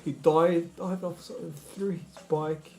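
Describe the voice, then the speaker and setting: A man's voice: on the high side, level tone, slow, dark tone, soft background music. A man livestreaming in casual chat, rambling and swearing, often stammering and restarting his sentences.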